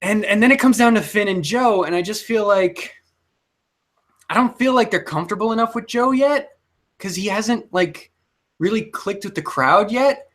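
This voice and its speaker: A man's voice: high voice, moderate pace, a bit bright. A young man co-hosting a casual chat, rambling and hesitant, often restarting his sentences. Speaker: co-host.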